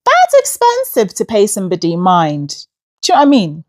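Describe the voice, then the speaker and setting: A woman's voice: medium pitch, huge pitch swings, normal speed, a little mellow. A woman from New York City with an American accent and a slight British tinge, hosting a casual voice note in a sassy, joking, storytelling way. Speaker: host.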